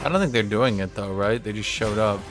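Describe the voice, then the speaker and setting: A man's voice: on the low side, fairly quick, over music. Man streamer thinking aloud to chat. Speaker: game streamer. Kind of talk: casual live-stream chat while playing.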